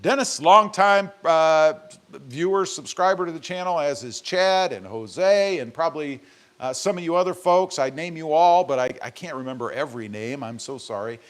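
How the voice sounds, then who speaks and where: Man hosting a chatty live stream from a garage, reads comments and jokes, slightly high voice. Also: animated, moderate pace. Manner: joking, rambling, reads viewer comments aloud. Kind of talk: casual live stream chat reading comments. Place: home garage.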